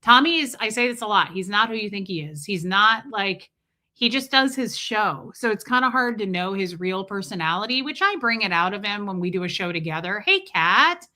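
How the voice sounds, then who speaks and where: Hosting a laid-back livestream, this woman rambles through a personal anecdote and stops now and then to say hello to chatters by name. Her voice sits at mid pitch and comes across animated, pushed, and bright at a normal pace.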